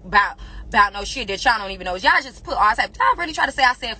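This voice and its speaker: A woman's voice: a little high, expressive, bright, forceful tone. A young woman in an angry social media rant, defiant and profane, firing insults at her critics. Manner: rapid-fire insults directed at critics. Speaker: rapper addressing fans.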